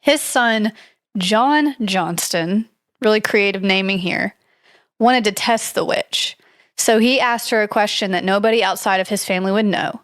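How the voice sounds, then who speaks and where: A chatty woman walks a friend through a spooky old tale, hedging and circling back as she reads from her notes. Her voice sits at an ordinary middle pitch and sounds close and dry, with no room around it. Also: unhurried, no room sound. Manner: chatty, hedging, reads from notes with frequent likes and I don't knows. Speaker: podcast co-host. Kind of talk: casual storytelling chat.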